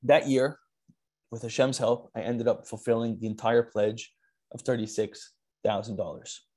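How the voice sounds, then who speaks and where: A man telling a personal story on a video call in a lively storytelling manner, with frequent restarts and Yiddish words. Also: mid-range voice, normal speed. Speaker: speaker at an online charity talk. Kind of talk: storytelling talk.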